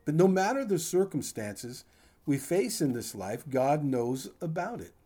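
A man's voice: on the high side, very animated, unhurried, warm tone, slightly rough. An older man preaching a sermon in a conversational, folksy way, with asides to his congregation. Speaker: pastor.

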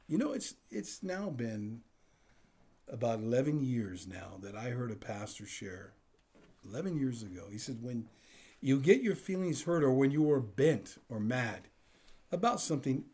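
A man's voice: medium pitch, a little mellow, husky. A man preaching a conversational sermon, telling stories with acted-out dialogue and laughing along the way. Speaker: pastor.

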